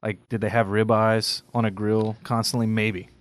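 A man's voice: lowish voice, flat delivery, moderate pace, no room sound. Earnest man on a faith podcast. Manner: earnest, reflective, often checks in with "right?". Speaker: podcast co-host. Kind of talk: casual faith podcast chat.

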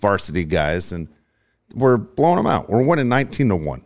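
Host and baseball coach, very deep voice that moves a lot, relaxed and easygoing, sets up stories with "okay?". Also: male voice, fairly quick. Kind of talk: casual chat.

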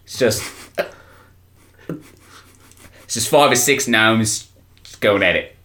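A man's voice: slow, sharp tone. A man improvising a proud, boastful male New Zealand crime boss with a put-on New Zealand accent in a comedy interview. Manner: chirpy, cocky, swoops up high on boasts.

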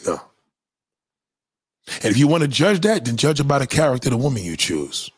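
A man with a husky voice holds forth on his livestream, emphatic and preachy, swearing freely. The sound is close and dry, with no room around it. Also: mid-range voice, sing-song, brisk, no room sound. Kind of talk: casual livestream monologue.

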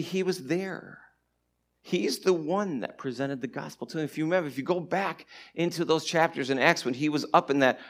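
A man preaching a sermon and teaching from the Bible, animated, swinging between loud stretches and hushed asides. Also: on the high side. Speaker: pastor.

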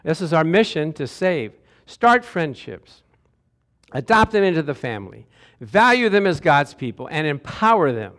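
High-voiced man preaching an animated sermon. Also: moderate pace. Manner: animated, calls out to the congregation for responses. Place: church sanctuary with a congregation.

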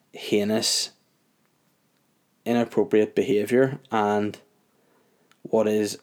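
Young man telling a story, kinda deep voice, lots of likes and you knows, gets incredulous. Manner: animated, incredulous, full of fillers. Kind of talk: casual storytelling rant.

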